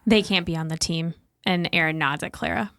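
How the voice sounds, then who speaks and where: A woman's voice: on the low side, brisk, fairly bright tone, no echo. A woman playing a tabletop game who describes her character's actions in a dry, matter-of-fact way. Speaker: player. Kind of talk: tabletop role-play, narrating her character.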